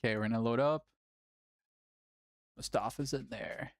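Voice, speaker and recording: A tournament host chatting casually on a livestream, animated, laughing often and swearing casually. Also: mid-range voice, normal speed, no echo, studio quality.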